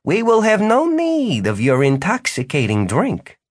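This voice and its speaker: A jovial, commanding male wizard, as a man puts him on, speaking in a theatrical, booming voice. He pitches well above an everyday voice and swings it about. The sound is close and dry. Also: wildly swooping pitch, measured pace, breathy edge, no echo, heavily acted. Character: jovial grand adult male wizard host.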